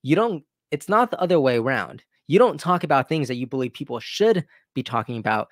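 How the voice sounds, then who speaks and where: A man's voice: medium pitch, sing-song, a little fast, dry recording, studio quality. A man hosting his own commentary channel, talking in an opinionated, conversational way and restarting his sentences. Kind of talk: casual political commentary.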